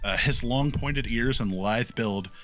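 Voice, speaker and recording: A man narrating as game master of a tabletop game, playful and animated. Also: medium pitch, measured pace, soft background music.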